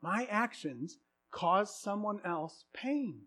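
A man's voice: high voice, big pitch swings, slow pace, bright, forceful tone. A man preaching a sermon through a self-deprecating personal story, casual and full of fillers.

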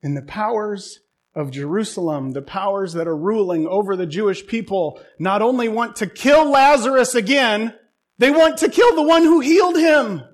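A man's voice: high voice, expressive, normal speed. A man preaching a sermon, retelling a Bible story with humor and irony.

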